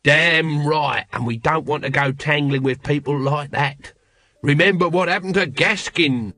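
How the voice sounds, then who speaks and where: A man's voice: a little high, measured pace, sharp tone, dry recording. A man voicing a lazy, cynical watchman who mumbles and rambles evasively. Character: shifty seasoned male watchman, lazy and cynical.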